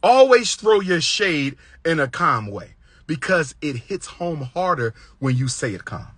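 Man, fiery preacherly lecture, tense, bright voice, repetitive emphatic cadence. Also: very animated, unhurried, slightly rough, no echo. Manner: preacherly, swings between loud high exclamations and low hushed asides. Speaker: public speaker giving relationship advice. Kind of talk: impassioned lecture.

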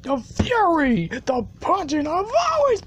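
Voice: high-pitched, sing-song, takes it slowly, fairly bright tone, highs cut off, a little hiss or hum, heavily acted. A performer voicing a boastful young woman who acts tough, in a homemade cartoon. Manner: bragging, showy.

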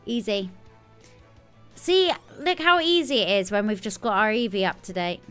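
A woman streaming a video game live, chatting casually with sudden excited squeals. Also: mid-range voice, normal speed, smooth, faint music behind. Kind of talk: casual live gameplay commentary.

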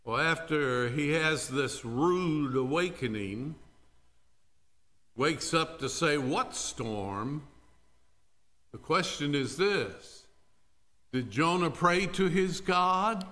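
Slow, bright-voiced man preaching a sermon. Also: fairly high pitch, lively intonation. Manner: dramatic storytelling preaching, directly addressing the congregation. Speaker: pastor. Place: church sanctuary during a worship service.

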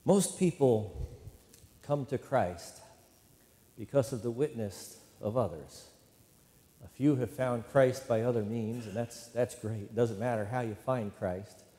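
A man's voice: medium pitch, a little slow, mellow. A man preaching a sermon as a pastor, talking in a conversational way and often checking in with "right?" and call-and-response lines. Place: church sanctuary. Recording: long hall reverb.

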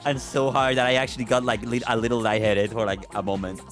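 Excitable rambling male streamer. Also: mid-range voice, fast, soft background music. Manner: excitable, rambling, stammers and swears. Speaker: livestreamer. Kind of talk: casual livestream chatter.

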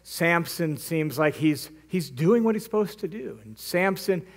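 A man teaching as a Bible teacher, retelling a story in a lively, conversational way with frequent asides. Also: fairly high pitch, unhurried. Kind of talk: casual storytelling lesson.

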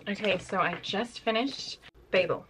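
A woman's voice: mid-range voice, a little slow, background noise. A woman vlogger chatting casually and enthusiastically about books, often saying "like". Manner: gushing, enthusiastic, frequent "like". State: tired. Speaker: book vlogger. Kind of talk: casual vlog chat.

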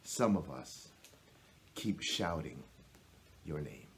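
A man reading his own poem aloud in a slow, measured way, pausing often and letting his line ends fall soft. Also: extremely low pitch, animated, slight background noise. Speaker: poet. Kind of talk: poetry reading.

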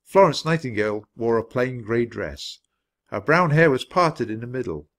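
A man reading a children's chapter book aloud with expressive storytelling. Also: mid-range voice, normal speed. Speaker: storybook reader.

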